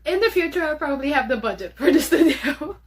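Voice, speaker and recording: A woman's voice: high-pitched, lively intonation, fast talker. A woman with a Filipino accent hosting a casual solo podcast from her bedroom, chatty and bubbly with frequent laughter. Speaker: podcast host.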